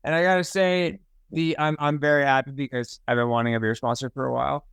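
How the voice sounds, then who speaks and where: A man's voice: fairly high pitch, fairly even intonation, moderate pace, gravelly, fairly bright tone, smooth, dry recording. A man hosting a casual podcast, interviewing a guest in an upbeat, friendly way. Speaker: podcast host.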